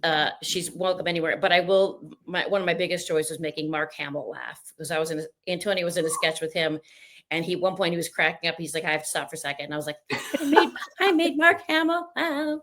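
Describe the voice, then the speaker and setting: A chatty woman speaks in a lowish voice, full of restarts and playful asides as she tells stories. She is a guest in a relaxed, casual interview. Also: fast talker.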